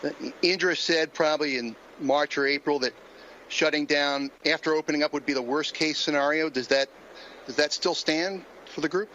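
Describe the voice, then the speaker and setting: A man's voice: on the high side, moderate pace, bright, forceful tone. Nervous, fumbling male reporter. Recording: muffled remote audio with faint noise.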